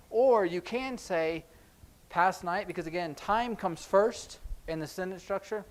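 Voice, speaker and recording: A man teaching a sign language class in a church classroom, explaining in a relaxed, conversational way with frequent ums. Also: high voice, normal speed. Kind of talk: classroom lesson.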